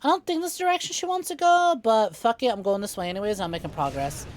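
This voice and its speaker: A woman's voice: a little high, lively intonation, fast, no echo. A woman streaming a co-op game, telling rambling, profane stories to her chat in casual talk. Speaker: VTuber streamer.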